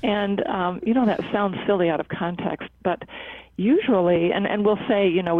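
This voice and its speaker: A psychotherapist who leads a laughter club at a cancer center, answering interview questions in an earnest, measured way with frequent fillers and restarts. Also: medium pitch, vocal fry, no room sound. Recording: tinny phone-like line, dry.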